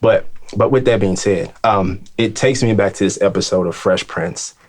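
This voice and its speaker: Deep-voiced earnest man hosting a talk. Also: darkish tone. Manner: earnest, halting, with many restarts. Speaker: host. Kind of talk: casual discussion.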